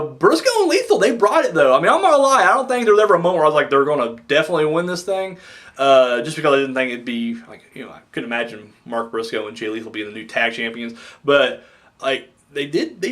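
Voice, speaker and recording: A man rambling excitedly through a wrestling show recap, acting out quotes with big jumps in his voice. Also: fairly high pitch. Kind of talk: casual recap monologue.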